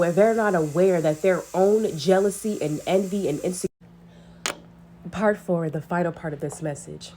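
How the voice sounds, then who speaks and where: A woman's voice: on the low side, a little fast, mellow. A woman reading a spiritual message to her viewers, talking earnestly and repeating rhetorical questions. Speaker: spiritual reader.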